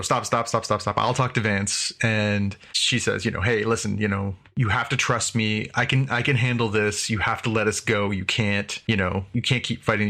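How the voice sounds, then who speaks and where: A man's voice: lowish voice, sharp tone. A man hosting a podcast, recapping a TV episode casually, rambling with many fillers and paraphrasing the characters' lines. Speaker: podcast host.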